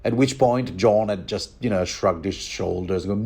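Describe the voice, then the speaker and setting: A man talking through a book chapter in a loose, rambling commentary. His voice sits on the low side, and he chuckles and trips over his words as he goes. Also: a little slow, creaky, few pauses, warm tone, slightly rough. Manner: rambling, chuckling, many fillers and restarts.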